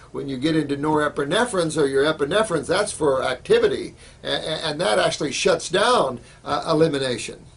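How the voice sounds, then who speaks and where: Man, gravelly and husky, informal health lecturer, emphatic and repetitive delivery. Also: a little high. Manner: emphatic, repetitive, lots of fillers. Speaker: health educator.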